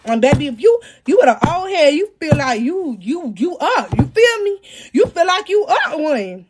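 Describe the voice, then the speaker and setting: A woman telling an animated, profane personal story in a storytime vlog, breaking into dramatic shouts. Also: high-pitched, normal speed, noisy background.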